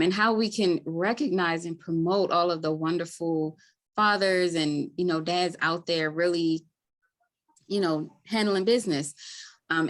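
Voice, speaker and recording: A woman with a Baltimore accent hosting a live webinar over a video call, chatty and friendly with many ums. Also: on the low side. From Maryland, US. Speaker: webinar host, community health worker.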